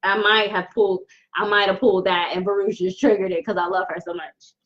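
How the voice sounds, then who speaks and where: Woman, tarot reader, live reading, earnest, halting, repetitive restarts, muffled low-fi sound. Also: fairly even intonation. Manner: earnest, addresses viewers directly.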